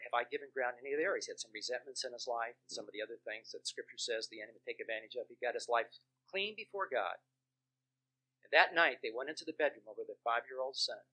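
A Christian minister and counselor preaches in a mid-range voice that sounds pushed and bright. His testimonies come as earnest storytelling, with heavy emphasis on key words.

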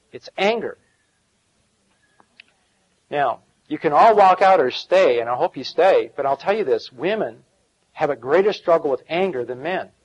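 A man's voice: a little high, slightly rough, highs cut off. A middle-aged man preaching a sermon as pastor, in a folksy style with chuckles and asides.

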